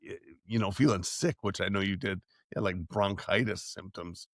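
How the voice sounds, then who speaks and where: A middle-aged man co-hosts a casual podcast, steering the talk with friendly questions. His voice sits on the low side. The recording is dry and close. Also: moderate pace, no room sound. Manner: encouraging, leading the talk with questions. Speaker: podcast co-host. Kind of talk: casual chat.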